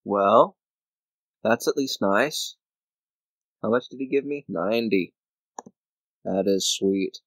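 A man's voice: lowish voice, slow pace, pauses often, fairly bright tone, no echo, rough recording. A man casually commenting on his own board game play, counting squares aloud and grumbling at his opponent. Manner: talks to himself, counts squares aloud, mock-angry grumbling. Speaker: gamer playing a board game video game.

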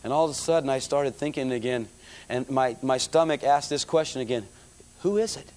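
A middle-aged man preaching, telling his conversion story in a lively storytelling manner and calling the audience folks. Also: mid-range voice, brisk. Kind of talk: testimony sermon.

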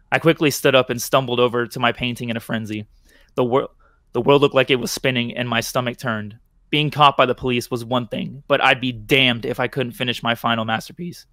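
A man reading a horror short story aloud on his podcast. His voice is mid-pitched and picked up close on a dry mic. He sometimes trips over words and starts again. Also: a bit bright, no echo. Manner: stumbles and restarts, laughing at slips. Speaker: podcast host.

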